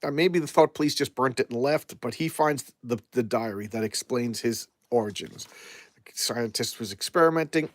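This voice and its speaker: A man's voice: mid-range voice, moderate pace, dry recording, clean studio sound. A man reviewing comic books in a casual live chat, rambling and often repeating and restarting his words.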